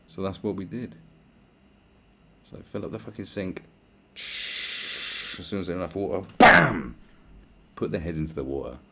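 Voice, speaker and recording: Very deep gravelly man ranting. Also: lively intonation, normal speed, long pauses, fairly bright tone. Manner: crude, blunt, rambling and sarcastic. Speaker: podcast host. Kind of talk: profane solo rant.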